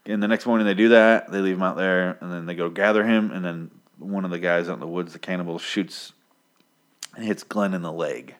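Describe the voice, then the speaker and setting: Very deep-voiced sarcastic man. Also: fairly even intonation, a little fast. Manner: profane, sarcastic. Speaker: podcast host recapping a comic. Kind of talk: casual chat.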